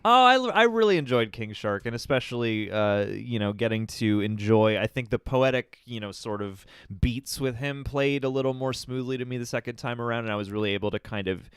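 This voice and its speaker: Smooth-voiced man musing on a film. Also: mid-range voice, lively intonation, fairly quick, hardly any pauses, no echo, clean studio sound. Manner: thoughtful, rambling analysis full of "you know". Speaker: film review show co-host. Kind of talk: casual spoiler review chat.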